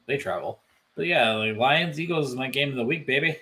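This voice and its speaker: A man co-hosting a podcast, chatting casually and riffing in an animated way. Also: mid-range voice. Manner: animated, quick riffing, lots of fillers. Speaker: podcast co-host. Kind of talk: casual chat.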